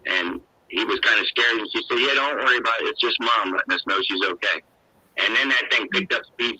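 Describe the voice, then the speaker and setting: A man's voice: medium pitch, sharp tone, breathy edge, no room sound, rough recording. An older man telling a long personal story in a rambling, emotional, folksy way, full of "you know". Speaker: guest.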